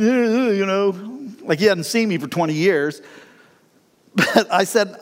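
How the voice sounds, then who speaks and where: A middle-aged man preaching a sermon in a folksy, animated way, with laughs between his lines. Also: high voice, moderate pace, long reverb tail. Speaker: pastor.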